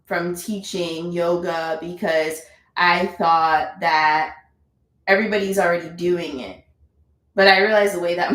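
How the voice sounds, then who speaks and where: A woman's voice: on the low side, a bit bright, reverberant, rough recording. A woman leading a live yoga class, chatty and encouraging, repeating her cues. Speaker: yoga instructor.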